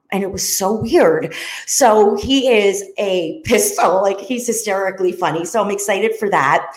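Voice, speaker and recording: A woman in her fifties hosting her show, talking in an earnest, rambling way with frequent side notes. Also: mid-range voice. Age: 50s. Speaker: show host. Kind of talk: casual monologue. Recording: roomy echo.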